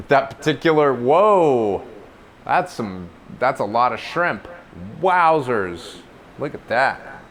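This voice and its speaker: A man's voice: medium pitch, lively intonation, extremely slow, a bit bright, a little hiss or hum. A man streaming live from home on a clip-on lapel mic, rambling casually, joking about himself and talking to his cats. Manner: rambling and self-mocking, talks to his cats. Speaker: livestreamer. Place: at home indoors.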